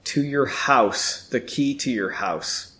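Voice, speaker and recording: A man's voice: medium pitch, slow pace, a bit bright. A man reading aloud and voicing a grumpy balding male clerk who mumbles impatiently. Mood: curt.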